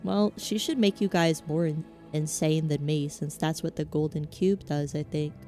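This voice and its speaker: A woman with a Southern American accent rambles casually during a gaming stream and pokes fun at herself as she goes. Her voice is low and mellow. Faint game music plays behind her. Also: fairly even intonation, normal speed. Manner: meandering, self-mocking rambling. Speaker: VTuber streamer.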